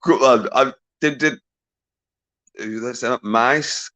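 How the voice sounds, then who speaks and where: A man hosting a live-stream quiz, bantering with chat, giving quick shout-outs, swearing casually and laughing often. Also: medium pitch. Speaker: livestream quiz host.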